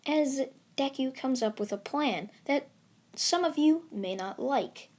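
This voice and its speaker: A woman's voice: high-pitched, expressive, slow pace, darkish tone. A woman casually narrating an anime fan story, rambling with many fillers. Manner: rambling, filler-heavy, giggly asides.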